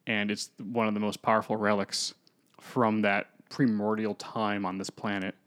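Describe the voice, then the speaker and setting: A man's voice: lowish voice, flat delivery, moderate pace, fairly bright tone. Man rambling through a movie plot. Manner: rambling storyteller who acts out characters. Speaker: podcast co-host. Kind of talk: casual podcast plot recap.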